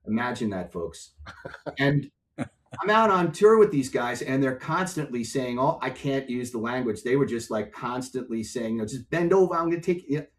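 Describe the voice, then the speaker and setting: An older man, a music and software executive, telling stories as a podcast guest and acting out other people's voices. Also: mid-range voice, normal speed, slight background noise. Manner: animated storyteller, acts out voices in anecdotes. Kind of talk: storytelling in a podcast interview.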